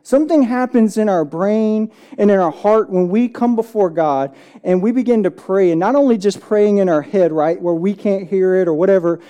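A pastor preaching a church sermon in a casual, conversational way, often checking in with the congregation and reading scripture slowly. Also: medium pitch, mellow, lo-fi sound. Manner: reads scripture slowly and deliberately.

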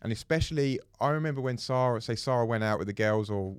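A man's voice: medium pitch, fast, clean tone, no echo, clean studio sound. A man in his thirties chatting casually as a podcast co-host, rambling and often restarting his sentences. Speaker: co-host, parent. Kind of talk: casual chat.

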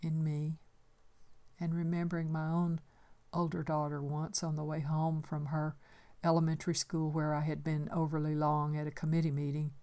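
An older woman gently reading her own memoir aloud in a reflective storytelling manner. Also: sits low, completely flat delivery, normal speed.

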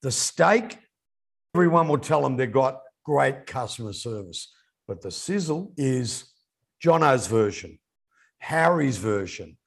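A man's voice: mid-range voice, slow pace, creaky, breathy edge. A man co-hosting a casual business chat, telling stories with animation. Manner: animated storyteller. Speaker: podcast co-host.

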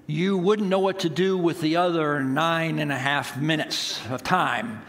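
A man's voice: fairly high pitch, fairly even intonation, a little slow, fairly bright tone. A man around sixty, a pastor preaching a sermon, telling a story with laughter. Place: church sanctuary. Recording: long hall reverb.

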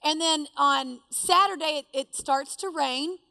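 A woman telling a personal story to a live audience, animated and self-deprecating. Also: sits high, measured pace, no room sound.

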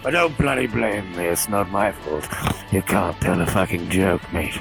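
A man voicing a sly, crude male demon who drawls in an oily, gravelly voice. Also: sits low, normal speed, music in the background, pitched below the performer's own voice. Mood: defensive. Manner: oily, drawling, calls people darling and mate.

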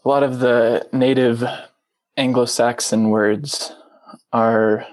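A man's voice: medium pitch, fairly even intonation, slow. A male student in a class discussion, hesitant and searching for his words.

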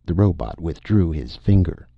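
A man's voice: low voice, lively intonation, moderate pace, gravelly, dry recording. A man narrating a science fiction story as an audiobook reader. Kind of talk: scripted narration. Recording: dull lo-fi dry recording.

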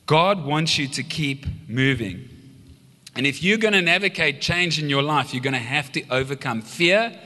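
A male pastor delivers a live sermon in a lively storytelling manner, throwing questions out to the congregation. His voice is a touch high and bright, with a forceful edge. The hall gives it a long, ringing reverb. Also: moderate pace. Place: church hall.

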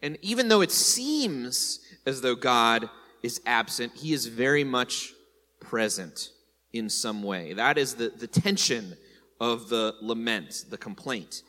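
A man's voice: mid-range voice, slow, long reverb tail. A man teaching a sermon in a conversational way, often asking "right?" and lifting his voice on key points. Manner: animated, rising on key points. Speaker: congregation teacher.

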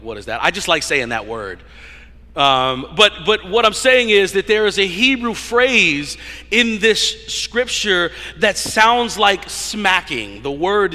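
A man's voice: on the high side, bright, forceful tone. A male pastor preaching a sermon, playful and teasing toward the congregation, often restarting his phrases. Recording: long hall reverb.

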